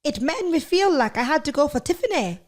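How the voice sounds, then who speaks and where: A woman's voice: high voice, very animated, brisk, voice pushed up. A woman doing a held-back impression of a brash Scottish woman from reality TV, in an attempted Scottish accent. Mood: exasperated.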